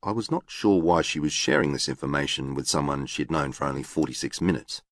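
Low, precise male audiobook narrator. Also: lively intonation, brisk, fairly bright tone, no room sound, clean studio sound. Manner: formal, literal, precise. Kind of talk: scripted narration.

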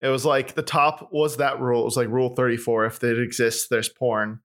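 Young male podcast co-host, mid-pitched and easygoing, casual chat. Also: little pitch movement, a bit bright. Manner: easygoing, quick to laugh along.

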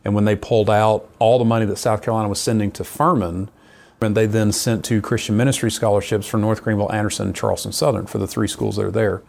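Gravelly low-voiced man telling his story. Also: fast talker. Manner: earnest storyteller, lively retelling. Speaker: missionary. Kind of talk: personal testimony in conversation.

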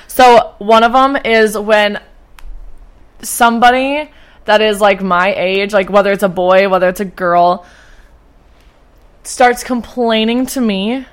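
A young woman co-hosting a podcast, talking casually in a rambling, loose way with some swearing. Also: mid-range voice. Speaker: podcast co-host. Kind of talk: casual chat.

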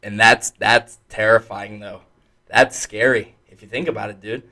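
A man's voice: on the low side, steady tone, moderate pace, sharp tone. A young man co-hosting a podcast in casual chat, laid-back and profane, dropping "dude" and "like" often. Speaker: podcast co-host.

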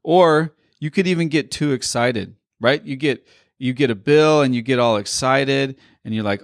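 A man's voice: medium pitch, moderate pace, dry recording, clean studio sound. A man leading a sales training session on a group call, rambling and often checking in with "right?". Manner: rambling, repeats words, asks "right?" a lot.

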